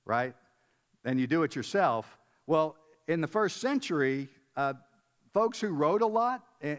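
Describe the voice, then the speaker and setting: A man preaching a conversational sermon, emphatic, repeating words and putting questions to his listeners. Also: mid-range voice. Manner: emphatic, repeats words, chuckles, asks the audience. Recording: long reverb of a large hall.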